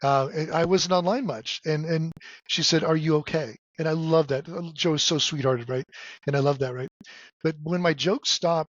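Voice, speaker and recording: A middle-aged man hosting a podcast in casual chat, halting with many fillers and restarts, cracking jokes. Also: on the high side, no echo. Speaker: podcast host. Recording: dull dry lo-fi sound.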